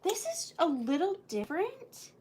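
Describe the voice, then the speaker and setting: A woman's voice: very high-pitched, big pitch swings, unhurried, a little mellow, slight background noise. A woman hosting a live vintage sale, chatting playfully with viewers by name and counting down bids. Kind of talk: live auction selling chat.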